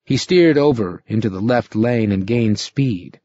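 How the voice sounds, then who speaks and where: A male narrator reads an audiobook with a lively, rising-and-falling delivery and a slightly husky voice. The sound is dry and close, a little muffled at the top. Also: fairly low pitch, a little slow, no echo. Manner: expressive, dramatic reading.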